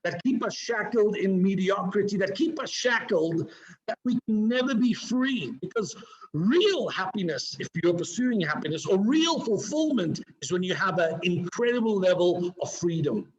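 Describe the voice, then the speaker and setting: A man giving an energetic, preachy motivational talk to a live online audience, swinging his pitch and pace for emphasis. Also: moderate pace, lo-fi sound. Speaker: motivational speaker. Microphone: video call.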